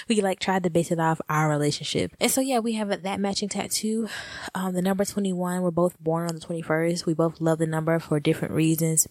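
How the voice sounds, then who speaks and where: A young woman, co-hosting a podcast, telling stories in a casual, animated way and laughing often. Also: deep voice, no echo, clean studio sound. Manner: animated, laughing often, addresses listeners as y'all. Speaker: podcast co-host. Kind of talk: casual storytelling chat.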